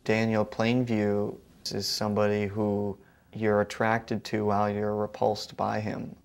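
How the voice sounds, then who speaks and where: A man's voice: lowish voice, monotone, measured pace, vocal fry. A young male actor talking casually and thoughtfully in an interview, earnest with small hesitations.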